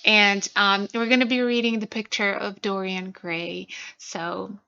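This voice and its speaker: A woman's voice: mid-range voice, flat delivery, measured pace, creaky, pushed and bright, clear, resonant tone, dull audio. A woman chatting casually about books at home, self-conscious and full of fillers and restarts. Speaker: book vlogger. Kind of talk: casual chat. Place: small room at home.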